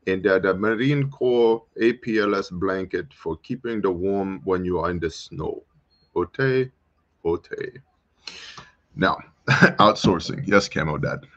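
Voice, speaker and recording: Deep-voiced American male host, loose and jokey, reads chat aloud; dull lo-fi sound. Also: takes it slowly. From United States. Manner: rambling, joking, responds to viewer comments. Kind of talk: casual livestream talk reading chat.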